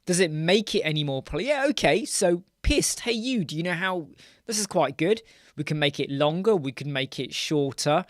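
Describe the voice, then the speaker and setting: On a live web design Q&A stream, a British host thinks out loud while running a screen demo, pausing to greet viewers by name before returning to his point. His slightly high voice is expressive and moderately paced, captured dry and close with no room sound.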